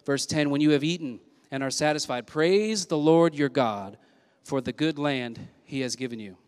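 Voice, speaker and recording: A man's voice: fairly high pitch, moderate pace, clear, resonant tone. A male senior pastor preaching a sermon with energy, punchy repetition and call-and-response with the congregation, recorded in a church sanctuary. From Southern California. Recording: long church hall reverb.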